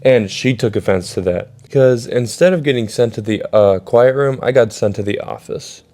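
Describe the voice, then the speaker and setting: A young man telling a casual storytime vlog, swearing a lot and acting out quotes loudly. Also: mid-range voice, normal speed. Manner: animated, swearing, acts out quotes in raised voice.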